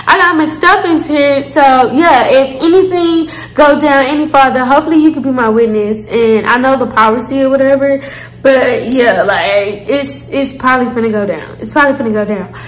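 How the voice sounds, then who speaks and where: Woman, 20s, high-voiced, animated storyteller addressing viewers; roomy echo. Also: normal speed, a little hiss or hum. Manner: animated, profane, talks straight to viewers. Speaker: vlogger. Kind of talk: casual storytime.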